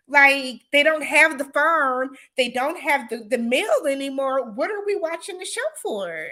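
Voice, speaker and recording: A woman with a high-sitting voice hosts a casual livestream chat, responding to viewer comments and laughing often. Her speech is relaxed and peppered with "y'all" and "imma."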